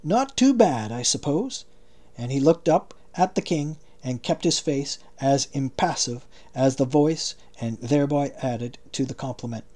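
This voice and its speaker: A man narrating an audiobook in a steady, measured way. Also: mid-range voice. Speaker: audiobook reader.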